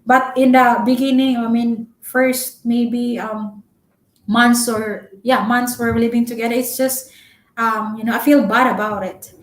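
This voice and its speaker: A young Filipino-accented woman, a Cebuano speaker, giving relationship advice in a chatty, loud-spoken live-stream vlog full of fillers. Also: a little high, steady tone, a little slow. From Philippines. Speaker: vlogger. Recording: echoey room.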